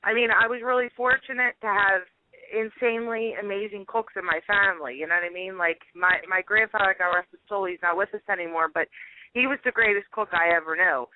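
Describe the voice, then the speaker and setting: A woman with a Philadelphia accent, a home cook telling lively stories as a radio guest, laughing often and filling her talk with "you know" and "like.". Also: medium pitch, a little fast, slight background noise. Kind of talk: phone-in radio interview. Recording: tinny phone line.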